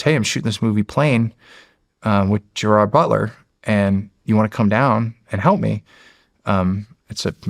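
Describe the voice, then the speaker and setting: Middle-aged male interview guest, deepish and gravelly, lively storyteller who restarts his sentences a lot. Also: dry recording, clean studio sound. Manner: animated storyteller, acts out quotes, frequent restarts. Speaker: podcast guest, former Navy SEAL. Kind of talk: storytelling in a long-form interview.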